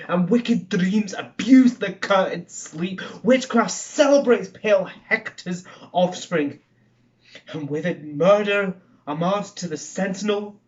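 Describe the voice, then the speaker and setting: A man performing a brooding Scottish murderer-king on the edge of a killing, his Scottish accent in every line. He sinks to whispers and then rises to declaim, at a slow, weighty pace in a slightly high register. The recording sounds dull and lo-fi. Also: recorded from a distance. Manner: swings between hushed whispers and raised declaiming. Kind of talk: theatrical Shakespeare monologue.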